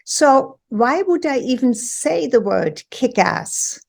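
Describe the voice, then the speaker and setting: Slow, deliberate woman in her sixties. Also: sits high, very animated, gravelly. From Europe. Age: 60s. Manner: deliberate, emphatic, storytelling. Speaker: host and women's empowerment coach. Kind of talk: personal talk to viewers.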